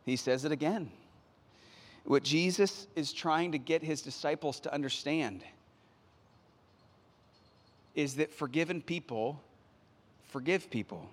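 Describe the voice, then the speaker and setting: High-voiced pastor preaching in a reverberant hall. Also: male voice. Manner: retells scripture in an animated, conversational way. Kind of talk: sermon.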